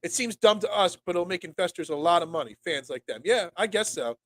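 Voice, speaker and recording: Sick and congested, a forties-aged host from Pennsylvania runs a laid-back sports talk show in a high-sitting, lively voice that's fairly quick and fairly bright. He rambles, stumbles into frequent restarts, and responds to messages from chat.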